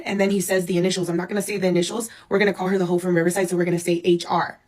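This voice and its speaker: Animated, profane woman telling a story. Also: lowish voice, racing, hardly any pauses. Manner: animated, profane, dramatic retelling with acted-out quotes. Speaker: storyteller recounting her own life. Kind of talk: casual storytime vlog.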